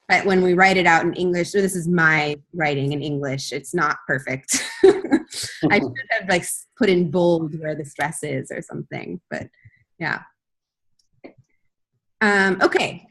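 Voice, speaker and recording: A woman's voice: lowish voice, unhurried, fairly bright tone. A woman teaching a beginner language class online, patiently modelling phrases for students to repeat. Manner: patient, drills phrases for repetition.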